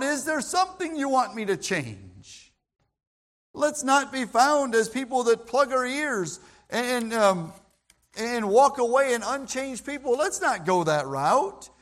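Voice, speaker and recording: A man's voice: extremely high pitch, fairly bright tone. A man preaching a sermon in an emphatic, repetitive way, often restarting his words.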